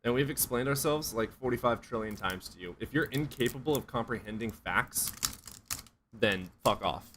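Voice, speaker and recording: A man's voice: medium pitch, lively intonation, moderate pace, a bit bright, slight background noise. Blunt, foul-mouthed male streamer. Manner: blunt, profane, sarcastic. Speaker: streamer answering chat. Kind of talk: casual livestream chat.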